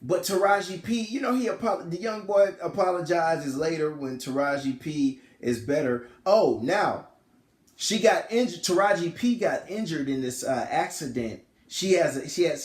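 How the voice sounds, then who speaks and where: Male reviewer, higher-pitched, loose slangy retelling, echoey room. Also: lively intonation, normal speed. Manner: rambling, slangy, often corrects himself. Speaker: film reviewer. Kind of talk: casual plot retelling.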